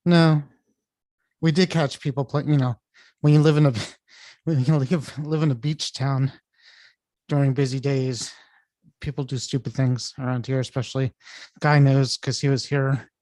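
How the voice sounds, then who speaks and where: A man's voice: medium pitch, steady tone, a little slow, long pauses, warm tone, no room sound, studio quality. A man co-hosting a podcast, telling rambling anecdotes with restarts and laughter. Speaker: podcast co-host. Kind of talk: casual chat.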